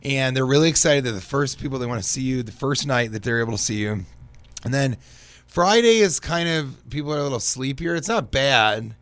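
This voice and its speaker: A male comedian talking on a radio show, telling stories with lots of animation and flipping into little quoted voices. His pitch sits mid-range, and the studio mic picks him up close and dry, with no room sound at all. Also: lively intonation, brisk, fairly bright tone, no room sound. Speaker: guest comedian. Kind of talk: casual radio interview. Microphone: studio microphone.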